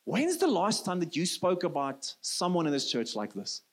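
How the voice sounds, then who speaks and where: A South African man in his thirties preaches with an earnest, personal warmth. His voice sits noticeably high for a man, and his first language is Afrikaans. He often sinks into a soft, low tone to drive a point home. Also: wildly swooping pitch, moderate pace, husky. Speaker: pastor. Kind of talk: sermon.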